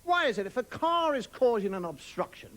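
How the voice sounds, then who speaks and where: An Irish stand-up comedian performs on television before a live studio audience, musing wryly and swearing casually. His voice is extremely high, very animated, fairly quick and a bit bright, and the broadcast audio carries audience laughter and noise.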